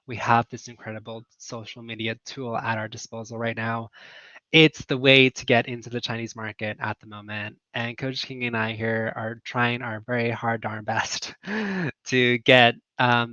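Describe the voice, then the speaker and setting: Earnest bright-voiced man, lo-fi. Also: medium pitch, flat delivery, normal speed, dry recording. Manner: earnest, emotional, many fillers and laughs. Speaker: online teaching business coach. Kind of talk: casual livestream chat.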